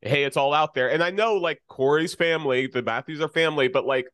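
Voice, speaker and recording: A man's voice: on the high side, brisk, a bit bright, clean tone, no room sound. A man co-hosting a casual podcast, talking through his thoughts with hesitant restarts. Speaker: podcast co-host. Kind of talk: casual rewatch podcast chat.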